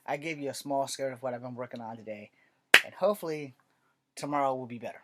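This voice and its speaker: Male writer-host, casual storytelling vlog, rambling and profane, mid-pitched voice. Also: animated, fast, darkish tone.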